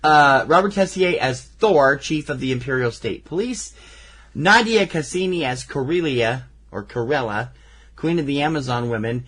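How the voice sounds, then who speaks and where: Lively, bright-voiced joking man. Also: medium pitch, moderate pace. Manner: joking, reads cast lists aloud. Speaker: podcast co-host. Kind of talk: casual movie review chat.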